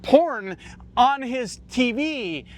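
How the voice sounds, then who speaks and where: A man's voice: very high-pitched, lively intonation, drawn-out words. A man, a trucker, delivering a heated, profane, rambling political rant to his viewers. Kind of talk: ranting political vlog.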